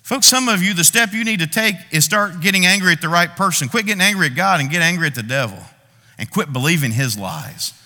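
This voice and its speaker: Bright-voiced preacher in an echoing hall. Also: male voice, sits high, lively intonation. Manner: preaching with dramatic voiced prayers and pauses. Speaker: pastor. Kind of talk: sermon. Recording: long reverb of a large hall.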